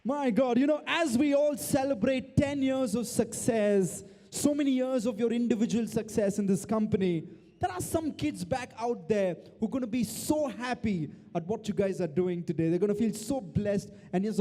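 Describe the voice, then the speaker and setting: A man hosting a live charity auction on stage, calling out bids with excited energy. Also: high voice, normal speed. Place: large event hall before a crowd. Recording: long reverb of a big hall.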